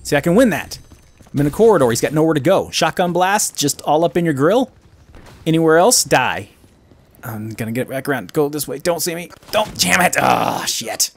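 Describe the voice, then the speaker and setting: Casual male let's-play commentator, self-deprecating, animated delivery with sudden yelps. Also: on the high side, fairly quick, gravelly, a little hiss or hum. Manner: self-mocking, excitable outbursts and muttering. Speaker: gaming commentator.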